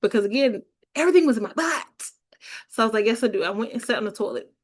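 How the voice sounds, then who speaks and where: A woman vlogger telling a personal story in a casual, chatty, animated way, laughing now and then. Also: on the high side, fast.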